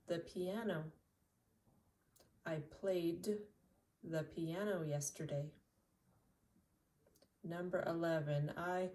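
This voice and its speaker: A woman from Canada teaching an English lesson, repeating words slowly and clearly. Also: low voice, steady tone, warm tone, far from the mic. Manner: slow, deliberate repetition of single words.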